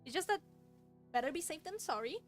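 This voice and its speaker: A woman's voice: high-pitched, lively intonation, a little fast. A young woman chatting casually while she draws, rambling, restarting her sentences and laughing often. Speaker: artist streaming while drawing. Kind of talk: casual chat while drawing. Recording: faint music playing behind.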